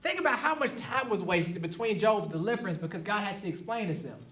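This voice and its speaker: A male pastor preaches in a loose, conversational way, slipping into quotes and chuckling as he talks. His voice sits high for a man. He is recorded in a church that rings with echo, some distance from the mic. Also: animated, fairly quick, a bit bright. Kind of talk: sermon. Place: church sanctuary. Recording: echoey room, mic at a distance.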